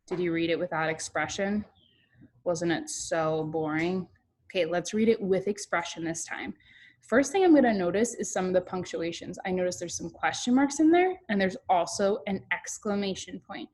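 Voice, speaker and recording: Animated kindergarten teacher, a young woman. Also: lowish voice, normal speed. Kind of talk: online class lesson.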